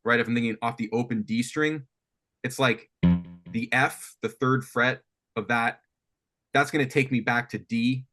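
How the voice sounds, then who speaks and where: A man coaching a student on writing guitar riffs, thinking aloud with lots of restarts and animated talk. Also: mid-range voice, normal speed, pauses often. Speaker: music coach. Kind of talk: teaching songwriting on a call. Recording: faint guitar music behind.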